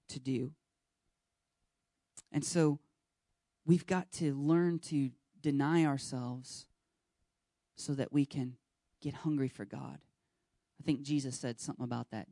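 A pastor preaches a sermon in an earnest, urging way, talking straight to the listeners. Short bits of dialogue get acted out along the way. The voice sits in a middle pitch and sounds dry and close, with little room around it. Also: mellow, no echo. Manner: acts out short dialogue scenes.

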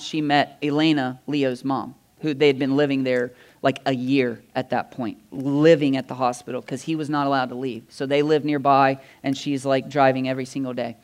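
A male pastor delivers his sermon like a chat with friends. He has a slightly high, clean, smooth voice and tells stories with lively asides and quick laughs. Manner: animated, conversational storytelling with laughs and asides. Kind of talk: sermon storytelling. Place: church.

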